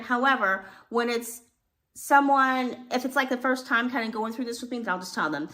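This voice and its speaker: A woman acting teacher explaining a scene, animated and acting out little examples as she talks. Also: fairly high pitch, normal speed. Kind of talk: instructional video.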